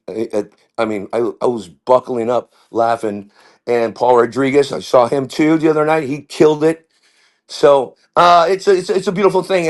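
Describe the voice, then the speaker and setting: A stand-up comedian guest telling rambling, tangent-filled stories in casual chat. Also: male voice, medium pitch. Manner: rambling, tangent-prone, full of restarts and voices.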